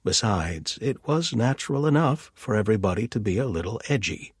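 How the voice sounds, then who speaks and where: A male audiobook narrator with a low, husky voice. He reads in a measured, descriptive way. The sound is dry and close. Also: lively intonation, dry recording.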